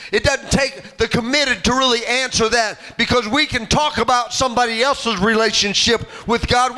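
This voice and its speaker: A male pastor preaches in a church in a strikingly high, bright and forceful voice. He is impassioned, climbs into shouted peaks and scatters amens through his sermon.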